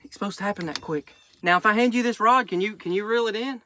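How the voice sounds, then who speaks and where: A man, vlogging by a pond while fishing, easily excited and gushing when something surprises him. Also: high-pitched, fast, a little hiss or hum. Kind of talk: casual outdoor fishing vlog. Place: outdoors by a pond.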